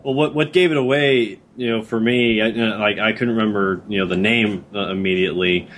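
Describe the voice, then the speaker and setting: A man co-hosting a podcast in casual chat about a video game, halting and laughing as he talks. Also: lowish voice, fairly even intonation, a bit bright. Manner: halting, laughing, lots of fillers. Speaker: podcast co-host.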